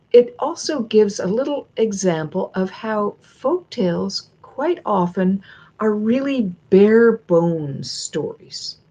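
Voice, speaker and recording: A woman storyteller teaches in a chatty, rambling way and often circles back to restart her sentences. Her voice is husky and breathy, in a middle register. The livestream audio sounds dull and lo-fi. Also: medium pitch, warm tone. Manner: chatty, digressive, many ums and restarts. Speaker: storyteller leading a workshop. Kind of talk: casual instructional talk.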